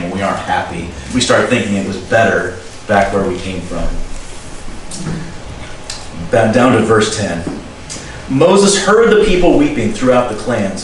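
A middle-aged man preaching a sermon in a relaxed, conversational way, reading scripture and adding chuckling asides. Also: on the low side. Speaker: pastor. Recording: very echoey room, distant mic, faint noise.

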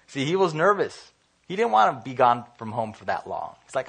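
A man's voice: mid-range voice, big pitch swings, moderate pace, gravelly, long pauses, husky. A man preaching a casual, conversational sermon, often acting out what people say and filling his talk with "you know". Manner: conversational, acts out quoted voices, many fillers.

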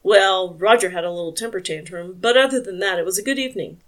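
A woman's voice: medium pitch, fast talker, natural voice. A woman reading a friendly, easygoing male family friend in an audiobook, in a light, casual voice.

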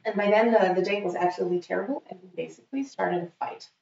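Lively woman storyteller, roomy distant sound. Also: mid-range voice, fast talker, vocal fry. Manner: lively storyteller acting out quotes. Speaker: guest telling a story. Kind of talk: casual chat. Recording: dull, roomy, off-mic sound.

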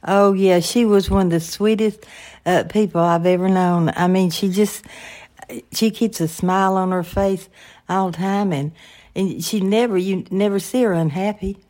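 An older woman co-hosting a faith-based podcast, talking in a warm, folksy and agreeable way. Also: medium pitch, steady tone, moderate pace. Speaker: podcast co-host, the host's mother.

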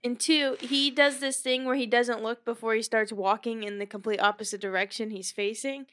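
Young woman, casual co-host, high and bright, filler-heavy chat. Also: fairly even intonation, normal speed. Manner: chatty, lots of "like" fillers.

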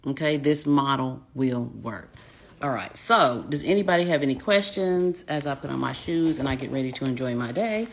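Husky low-voiced Southern woman coach. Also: moderate pace. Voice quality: smooth voice. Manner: folksy, says y'all often, smooth delivery. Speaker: business coach. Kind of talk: casual live-stream chat with viewers.

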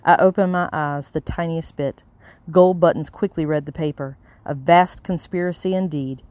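An audiobook narrator reading a first-person story in a steady, measured way. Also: medium pitch, dry recording.

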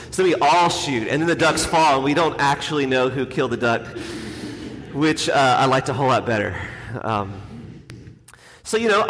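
Casual preaching priest in a reverberant hall. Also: male voice, medium pitch, fairly bright tone. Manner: casual, self-deprecating, conversational. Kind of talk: homily, storytelling. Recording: long hall reverb, faint ambience.

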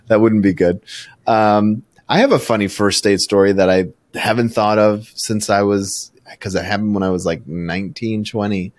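A man's voice: lowish voice, normal speed, no echo. A man in his thirties hosting a casual interview, telling stories with lots of laughter. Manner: animated storyteller, laughs often, acts out quoted voices. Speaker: podcast host.

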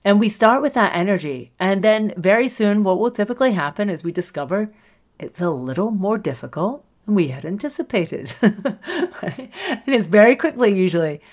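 A woman hosting a solo podcast as a coach, talking in an animated way, often laughing and acting out the voices she quotes. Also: mid-range voice, normal speed. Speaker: podcast host and screenwriting coach.

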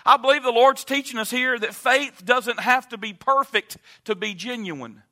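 A man preaching a sermon in a church, moving from quiet teaching to loud, impassioned appeals. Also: normal speed. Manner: builds from low calm to loud impassioned preaching. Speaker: pastor. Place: church sanctuary.

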